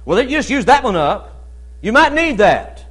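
A male pastor preaching a Baptist sermon in a conversational way, often asking "amen?" and pausing with "uh". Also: very high voice, very animated, a bit bright, slightly rough.

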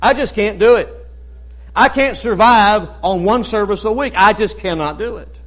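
High-voiced man preaching a sermon. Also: normal speed, a bit bright. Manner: conversational preaching, frequent "amen?" and "uh" fillers. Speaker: pastor. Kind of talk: Baptist sermon.

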